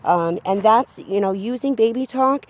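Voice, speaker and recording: Dog trainer woman explaining on a walk. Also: moderate pace. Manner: explains calmly, breaks into high sing-song praise for the dog. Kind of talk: instructional walkthrough while training. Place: outdoors on a street, walking a dog.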